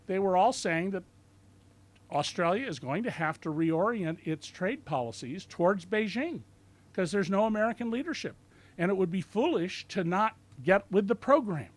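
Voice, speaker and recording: A man in his sixties lectures an audience in a bookstore, his voice sitting high for a man. He tells his stories with a sardonic bite and mimics the people he quotes to mock them. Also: moderate pace. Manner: lively, sardonic storytelling with mocking quoted voices. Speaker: author giving a bookstore talk. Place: bookstore event room.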